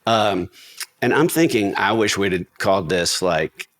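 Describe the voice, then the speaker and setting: A man's voice: on the low side, lively intonation, unhurried, a bit bright. A man hosting a podcast in casual chat, telling self-deprecating stories about fatherhood. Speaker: podcast host.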